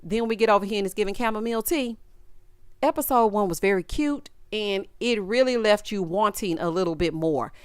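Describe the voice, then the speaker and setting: A woman's voice: medium pitch, a little fast, smooth, no echo, studio quality. A woman hosting a casual reality TV recap, talking sassy and slangy with dramatic asides to her viewers.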